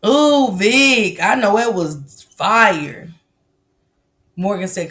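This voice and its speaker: A woman's voice: mid-range voice, drawn-out words, fairly bright tone. A woman, chatting casually with her live-stream viewers, talking loosely, swearing freely and laughing often. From American South. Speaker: livestream host. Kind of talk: casual live-stream chat reading comments.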